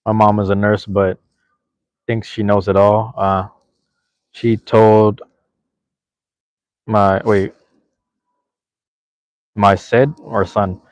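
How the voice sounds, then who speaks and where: Low-voiced man rambling casually. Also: flat delivery, extremely slow, long pauses, darkish tone, no echo. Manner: rambling, profane, with many restarts. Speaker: podcast host reading chat. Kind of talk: casual chat.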